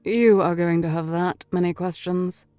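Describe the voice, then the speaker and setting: A mysterious, gaunt gentleman of middle years, as a woman narrator puts him on, speaking in a purring British accent. His manner is unhurried and politely calm, with a low, slightly darkened timbre set apart from the narration. The sound is close and dry, like a storybook reading. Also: no room sound, faint music behind, natural voice. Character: mysterious elegant gaunt man, forties or fifties.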